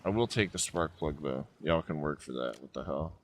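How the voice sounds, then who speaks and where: A man's voice: rumbling low, lively intonation, normal speed, slight background noise. A man streaming a survival game, talking to himself in rambling, joking commentary. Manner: rambling, joking self-talk. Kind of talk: casual gameplay commentary.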